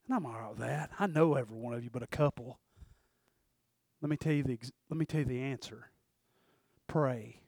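A middle-aged man preaching a sermon and telling a personal story in a folksy way, swinging from hushed to loud. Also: mid-range voice, brisk, gravelly, pauses often, no echo, studio quality. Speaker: pastor. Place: church sanctuary.

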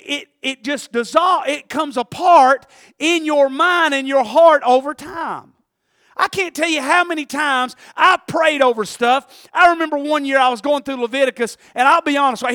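Man, preacher, very high voice, dry close sound, sermon with shouts and hushed lines. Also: no echo. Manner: animated, swinging from loud shouts to low murmurs.

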